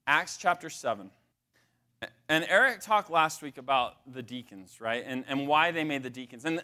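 A man's voice: fairly high pitch, fairly bright tone. A man preaching a conversational sermon, emphatic, with frequent restarts and asides to the congregation. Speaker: pastor.

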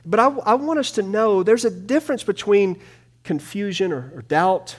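A man preaching a sermon to a small congregation in a room, swinging between hushed and loud delivery. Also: high voice, normal speed. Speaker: pastor.

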